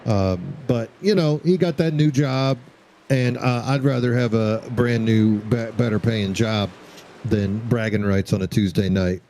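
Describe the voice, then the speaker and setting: A man's voice: fairly low pitch, unhurried, warm tone, slight background noise, low-quality recording. A man doing play-by-play commentary on a sim racing broadcast, joking and bantering with his co-host.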